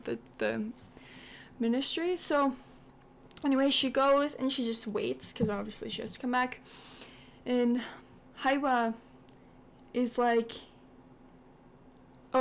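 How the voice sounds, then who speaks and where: Woman gamer chatting through her sims story, kinda high voice, says like a lot. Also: creaky. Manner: chatty, rambling, lots of "like". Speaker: gaming channel host. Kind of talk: casual gameplay storytelling.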